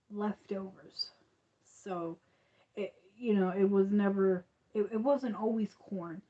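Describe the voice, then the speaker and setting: A woman's voice: medium pitch, dark tone, highs cut off. A woman hosting a crochet livestream, chatting casually and rambling with frequent laughs.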